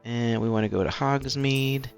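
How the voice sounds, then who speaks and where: A man's voice: mid-range voice, moderate pace, creaky, soft background music. A man hosting a let's play, chatting casually and reading in-game letters aloud, self-deprecating and stumbling over words.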